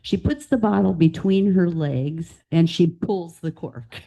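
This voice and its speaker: A woman with a low, mellow voice shares funny anecdotes at a club meeting. She tells them in a lively, playful way. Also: unhurried, vocal fry, highs cut off. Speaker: club member. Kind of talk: casual anecdote telling.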